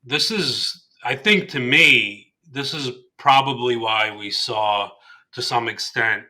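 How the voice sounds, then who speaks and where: A man with a very bright, sharp tone walks through market charts on a trading show. He explains at a medium pitch, hedging with "I mean" and "like" as he goes. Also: slow pace. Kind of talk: casual market chat.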